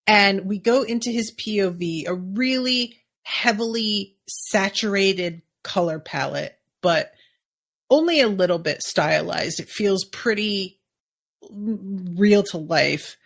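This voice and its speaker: A woman podcast host with a mid-range voice speaks slowly as she casually recaps a TV episode. She muses in a chatty way, dropping plenty of "like" asides.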